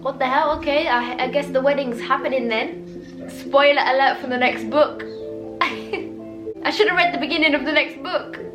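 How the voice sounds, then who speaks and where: A young woman, chatting casually and laughing easily as she reacts to and reviews a film. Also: high-pitched. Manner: chatty, animated, quick to laugh. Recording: roomy echo.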